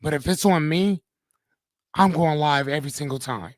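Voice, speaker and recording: A man's voice: on the high side, normal speed, no echo. A man hosting a live-streamed motivational talk, speaking casually, swearing freely and often checking in with "right?". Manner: casual, profane, keeps asking "right?".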